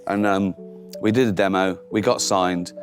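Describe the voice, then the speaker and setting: A man's voice: deep voice, steady tone, normal speed, soft background music. A middle-aged comedian telling anecdotes in casual chat, laughing often and mimicking the people in his stories. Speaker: comedian guest.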